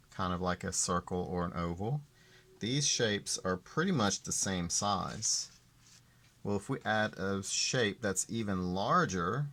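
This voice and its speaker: A man teaching art, explaining ideas slowly and deliberately and repeating the key terms. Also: low-pitched, a bit bright. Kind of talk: classroom explanation.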